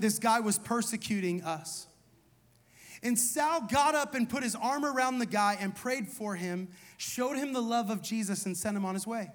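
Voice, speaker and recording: A man in his thirties delivers a sermon with a rather high voice. He talks like he is chatting with friends, peppering his lines with "like" and "you know". Then he drives points home with repeated short questions. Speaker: pastor. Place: church hall.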